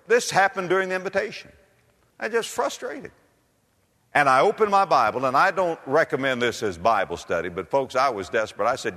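A man preaching a revival sermon, dramatic and fervent, swinging from loud exclamations to hushed low lines and firing off rhetorical questions. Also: sing-song, a little fast. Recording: echoey hall.

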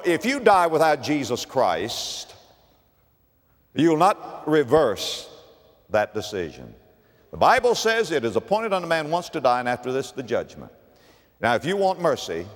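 Older male preacher, dramatic pulpit delivery, wide lively pitch swings, recorded with long church-hall reverb. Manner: dramatic preaching, rising to emphatic peaks and dropping low. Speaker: pastor. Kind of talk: sermon.

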